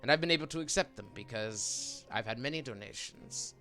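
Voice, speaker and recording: A man running a tabletop game on a stream. His voice is bright and forward, and he talks in halting bursts full of restarts. Soft music plays underneath. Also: medium pitch, expressive. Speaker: dungeon master.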